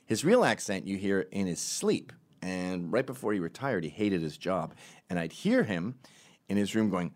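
Animated, wry male comedian. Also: low-pitched, moderate pace. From Canada. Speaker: stand-up comedian. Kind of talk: stand-up storytelling.

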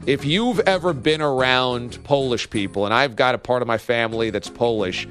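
A man's voice: medium pitch, normal speed, fairly bright tone, faint music behind. A man hosting a casual sports talk show, telling stories emphatically and acting out mock quotes. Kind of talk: casual sports radio banter.

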